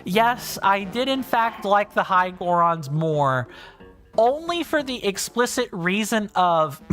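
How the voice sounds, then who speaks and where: A man's voice: sits high, very animated, slow pace, a bit bright, faint music behind. A man chatting casually and rambling while livestreaming a video game, thinking aloud and restarting sentences. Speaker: streamer. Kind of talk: casual livestream chat over gameplay.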